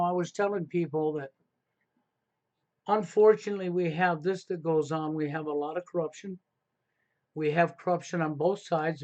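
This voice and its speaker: A man's voice: a little high, darkish tone, muffled recording. A middle-aged man hosting a live stream, giving emphatic casual advice and often checking in with "okay?". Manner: emphatic, repeats "okay?" to drive points home. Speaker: livestream host.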